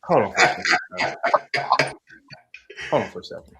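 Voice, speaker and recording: A man hosts a heated call-in livestream, talking fairly quickly over a very noisy recording. He is taunting and confrontational, repeating his points as he rants.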